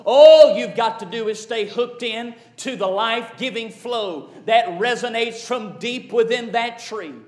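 A man preaching a sermon voices a kindly little songbird that gives gentle counsel, in a soft, coaxing tone. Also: very high-pitched, measured pace, hardly any pauses. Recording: echoey church sanctuary.

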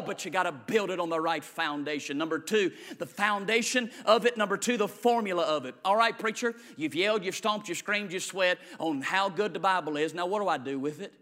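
A male preacher giving a sermon, swinging between loud shouted lines and quiet low asides. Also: fairly quick, hardly any pauses. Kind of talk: energetic sermon.

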